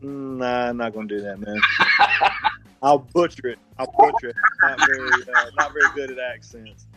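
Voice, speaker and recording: A man's voice: mid-range voice, fairly even intonation, moderate pace, loud music behind the voice. A man with a Southern US accent co-hosting a casual podcast, hesitant and full of fillers. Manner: hesitant, many fillers and restarts. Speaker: podcast co-host. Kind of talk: casual chat.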